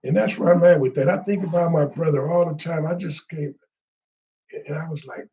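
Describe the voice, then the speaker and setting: A man's voice: fairly high pitch, fairly even intonation, fairly quick, mellow, muffled recording. A man telling a heartfelt personal story in a rambling, casual way, with street slang.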